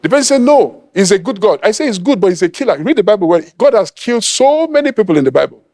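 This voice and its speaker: A man's voice: sits high, very animated, racing, a little mellow. A middle-aged man from Nigeria preaching an emphatic sermon, acting out quoted voices and laughing at his own points. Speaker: apostle preaching.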